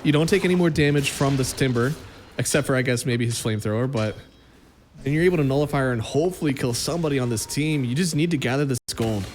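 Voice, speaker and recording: A man giving quick, excitable live play-by-play commentary on an esports match, calmer when he analyses between fights. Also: medium pitch, slight background noise. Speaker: esports caster.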